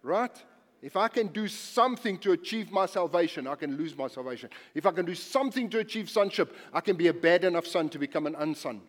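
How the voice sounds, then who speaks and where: A male pastor preaching a sermon, animated and emphatic, repeating phrases and swinging from quiet to loud. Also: sits high, fairly quick, in a large hall.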